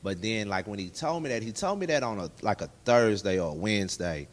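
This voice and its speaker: Animated man sharing his testimony. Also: on the low side, fairly quick. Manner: animated storyteller who acts out dialogue in other voices. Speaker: interview guest. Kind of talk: candid personal testimony in a casual interview.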